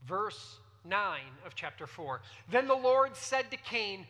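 Bright-voiced preacher in a reverberant hall. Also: medium pitch, lively intonation, measured pace, few pauses. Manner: teaching, asks the audience questions. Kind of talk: sermon.

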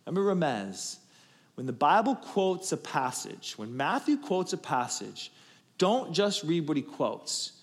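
A man preaching a sermon to a congregation, telling the story with animated build-ups that swing from loud emphatic passages to quiet asides. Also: fairly high pitch, long reverb tail. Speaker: pastor.

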